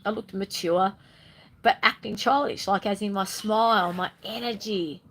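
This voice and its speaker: A bubbly spiritual vlogger chats on camera in a loose, rambling casual monologue. Her middle-pitched voice is steady at a normal speed, though she occasionally breaks into playful sing-song bursts. The audio quality is poor.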